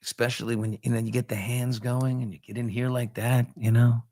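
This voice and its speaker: Man in his fifties, chat show host, lively storyteller, mid-pitched, dry close sound. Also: brisk, dry recording. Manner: animated, jumps high in pitch for emphasis.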